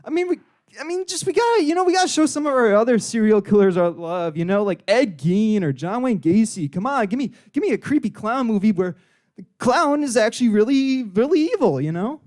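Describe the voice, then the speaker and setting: A man's voice: very high-pitched, animated, brisk, a little mellow. A young man doing open mic stand-up comedy on a club stage, rambling and crude, with constant filler words. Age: young adult. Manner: rambling, crude, heavy "you know" fillers; puts on voices for joke characters.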